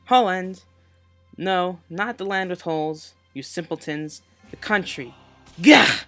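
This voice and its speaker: A teenage boy delivers a school presentation voice-over, tossing out sarcastic, mocking jokes between facts. His voice is bright and a little high for a young man. Soft music runs faintly behind him. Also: steady tone, a little slow, dry recording. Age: teens. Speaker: student presenter.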